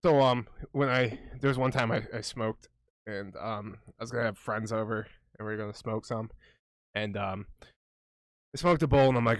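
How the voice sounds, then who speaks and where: A man's voice: on the low side, steady tone, brisk, vocal fry, dry recording. Rambling young man, dry close sound. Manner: rambling, mock-conspiratorial, swears a lot. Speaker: podcast co-host. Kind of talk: casual chat.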